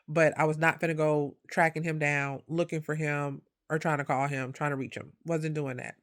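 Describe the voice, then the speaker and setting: A woman telling a personal story in a casual storytime monologue, acting out the quoted voices and growing loud and sharp when indignant. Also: low voice, flat delivery, moderate pace, hardly any pauses.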